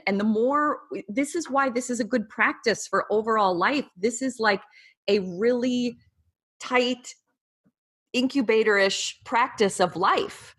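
A woman's voice: mid-range voice, a bit bright, breathy edge. A woman talking casually and candidly with a group, emotional and full of fillers like "like". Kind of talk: casual conversational talk to a group.

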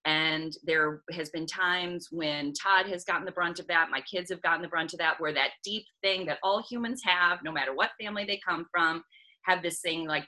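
A woman's voice: on the low side, moderate pace, bright, forceful tone, rough recording. A woman co-hosting a podcast, reflecting thoughtfully on a caller's story and explaining parenting ideas. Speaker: podcast co-host giving parenting advice. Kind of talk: casual advice chat.

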